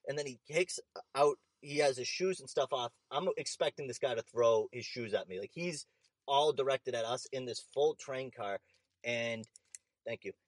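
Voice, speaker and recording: A young man telling an animated, profane story in casual chat. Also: medium pitch, normal speed, no echo.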